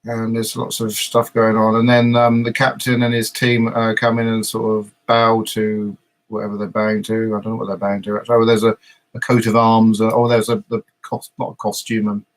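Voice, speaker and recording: A man's voice: fairly low pitch, monotone, a little fast. A man hosting a casual live podcast, recapping an episode in a meandering way with frequent hesitations. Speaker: podcast host.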